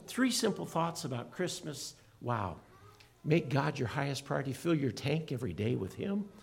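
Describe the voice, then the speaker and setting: A middle-aged pastor preaches with earnest emphasis in a gravelly, slightly husky mid-range voice that rises and falls with energy. His tone stays warm and encouraging, like a sermon delivered to a congregation.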